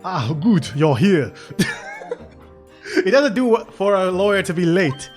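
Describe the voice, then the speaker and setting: A man's voice: high voice, very animated, takes it slowly, soft background music, exaggerated voice. A man doing a courteous, formal professor father. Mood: fatherly. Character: courteous middle-aged male professor father.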